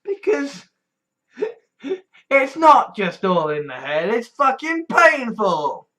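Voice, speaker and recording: Slow, lively-pitched blunt weary vlogger. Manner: blunt and profane, with frequent sighs and trailing restarts; swings between weary mutters and mocking shouted quotes. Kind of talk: candid personal monologue.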